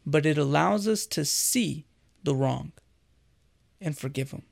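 Earnest gravelly man preaching. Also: fairly high pitch, unhurried. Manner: earnest, conversational, addresses listener directly. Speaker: Christian devotional host. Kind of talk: conversational sermon.

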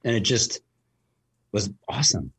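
A man with a low, husky voice, chatting casually as a host. He rambles through his story, full of ums and restarts. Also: sing-song, unhurried, a bit bright. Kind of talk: casual conversation.

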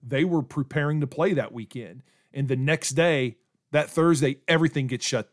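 A man in his forties talks casually as a church podcast host. He rambles and restarts often, in a voice of ordinary middle pitch. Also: moderate pace. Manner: chatty, rambling with many restarts.

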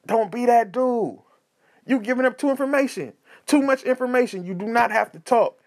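A high-voiced man hosting a podcast, talking in a casual comedic advice style. His delivery is animated and preachy, full of slang and repeated phrases. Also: moderate pace. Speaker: podcast host.

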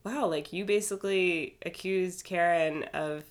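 A woman's voice: fairly low pitch, a little slow. A woman co-hosting a podcast, recapping a reality show in casual chat, blunt and sarcastic and swearing freely. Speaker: podcast co-host.

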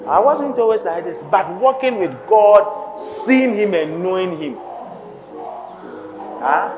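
A man's voice: high voice, animated, slow. A man preaching a sermon, emphatic and firing pointed, repeated questions at the congregation. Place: church hall. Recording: echoey hall with music.

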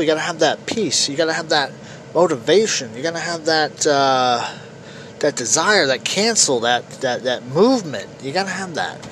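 A man's voice: a little high, lively intonation, moderate pace, a bit bright, slight background noise, poor audio. Ranting man hosting a podcast. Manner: ranting, repetitive, swears freely. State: slightly losing his voice. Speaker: podcast host. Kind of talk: opinionated solo podcast monologue.

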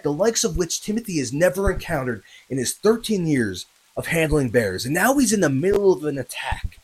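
Very animated and fairly high-pitched with a breathy edge, a male podcast host tells a true story at a moderate pace on a rough recording. He talks conversationally to his listeners, full of fillers and tag questions, pushing louder and more urgently during tense stretches.

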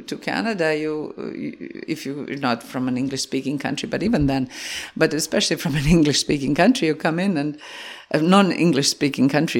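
Croatian-accented woman, gravelly and reflective. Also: deep voice. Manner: thoughtful, reflective, laughs easily. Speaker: guest, actor and playwright. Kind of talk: interview conversation.

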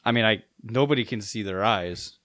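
A man's voice: on the low side, normal speed, fairly bright tone. A laid-back man in a casual chat among friends, swearing now and then.

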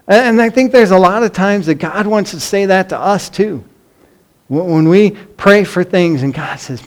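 Middle-aged male pastor, earnest emphatic sermon delivery, slightly high voice. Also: normal speed. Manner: earnest, emphatic preaching with rhetorical questions.

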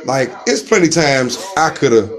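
A man telling stories in a casual chat, loud and animated, acting out the voices of the people in them. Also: mid-range voice, moderate pace, crowd noise. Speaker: storyteller in a casual conversation.

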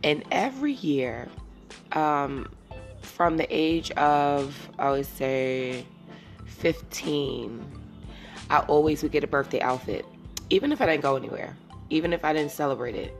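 A woman's voice: deep voice, expressive, a little slow, faint music behind. A woman in her thirties hosting a casual solo podcast, talking candidly and rambling, sometimes teary and emotional. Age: 30s. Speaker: podcast host.

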